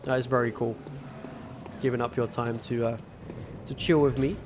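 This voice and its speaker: A man's voice: mid-range voice, steady tone, normal speed, noisy background. A man with a northern English accent, chatting casually with viewers while gaming on a livestream in a laid-back, rambling way. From northern England.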